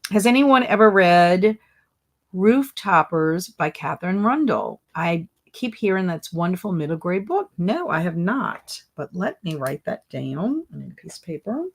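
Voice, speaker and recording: A woman's voice: fairly low pitch, sing-song, a little slow. A middle-aged woman hosting a casual livestream, chatting and reading viewer comments aloud. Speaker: livestream host and teacher.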